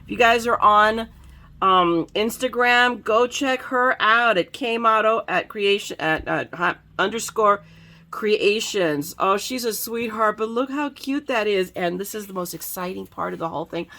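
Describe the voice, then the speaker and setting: A woman crafting vlogger chatting excitedly to viewers about the mail she got, bubbly and gushing. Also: mid-range voice, unhurried. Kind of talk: excited casual happy-mail chat.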